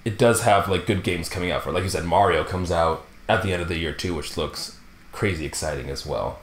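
A man co-hosting a podcast, chatting in a relaxed, easily amused way. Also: low voice, fairly quick, reverberant, a little hiss or hum. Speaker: podcast co-host. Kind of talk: casual chat.

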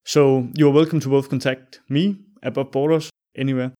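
A man's voice: mid-range voice, steady tone, normal speed, mellow. A man with a Danish accent talks as a guest on a podcast, easygoing and a little hesitant. His English comes with ums and restarts, but he sounds friendly throughout. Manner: friendly, loose, hesitant with fillers. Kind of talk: casual interview chat.

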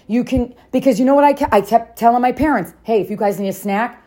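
A woman's voice: a little high, quick pace, dark tone. A woman in her thirties telling a story casually to camera, laughing often and acting out the voices of the people she quotes. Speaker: parenting vlogger.

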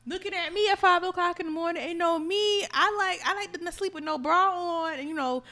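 A young adult woman in casual podcast chat, telling stories in an animated, profane way. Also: very high-pitched, fairly quick. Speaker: podcast co-host.

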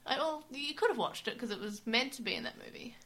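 Chatty woman cohost, bright voice, lots of "like"s, recapping stuff. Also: high-pitched, animated, fast, a little hiss or hum. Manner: chatty, recapping with many "like" fillers. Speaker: podcast co-host. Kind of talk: casual chat comparing anime versions.

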